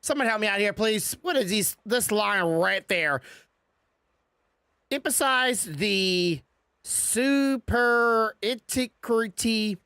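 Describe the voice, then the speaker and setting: A woman's voice: mid-range voice, lively intonation, slow pace, a bit bright, clean tone, dry recording, clean studio sound. A woman giving casual commentary while playing a game, chatty and self-mocking, stumbling as she reads the text aloud. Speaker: gaming streamer.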